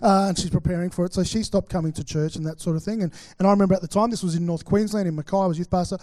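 Man, Australian accent, pastor, chatty storytelling sermon, high voice, dry sound. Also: fairly even intonation, rapid-fire, mellow, dry recording. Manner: chatty storytelling, acts out quotes, many fillers. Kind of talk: sermon with personal stories.

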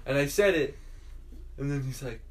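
A young man in casual chat, telling rowdy stories with loud acted-out quotes and lots of swearing. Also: mid-range voice, moderate pace.

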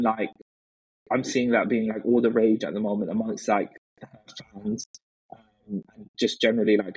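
A man talking as a podcast guest, telling stories in an animated way with many fillers. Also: on the low side, husky, no echo, low-quality recording. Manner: animated storyteller, frequent fillers and restarts. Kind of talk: casual chat.

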